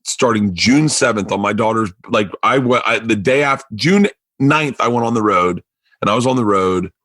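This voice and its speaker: A man's voice: on the low side, moderate pace, no room sound. A middle-aged man hosting a podcast, telling stories in a casual chat, swearing a lot and acting out what people said. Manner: animated storyteller, swears a lot, acts out quotes. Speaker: podcast host.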